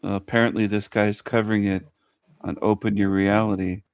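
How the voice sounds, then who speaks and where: A man's voice: lowish voice, little pitch movement, a little fast, smooth, no room sound, studio quality. A man hosting a casual chat show, asking blunt, provocative questions. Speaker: podcast host.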